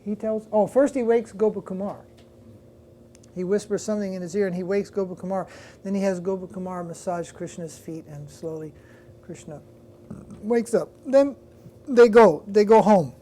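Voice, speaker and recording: A man's voice: high voice, moderate pace, dark tone, slight background noise. A man, a swami, giving a devotional class, retelling a story in a loose, conversational way with restarts and asides to his listeners. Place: lecture room with listeners.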